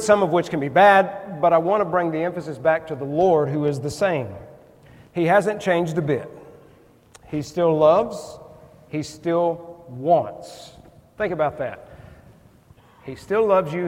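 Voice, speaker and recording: A man's voice: fairly high pitch, slow pace, a little mellow. A man preaching a sermon in a church, earnest and folksy, acting out little conversations with churchgoers. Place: church sanctuary. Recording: long reverb in a church hall.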